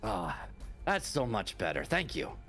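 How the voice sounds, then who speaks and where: A man playing a tabletop game, improvising in character, exasperated and trying to keep someone calm. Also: lowish voice, measured pace, soft background music. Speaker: player.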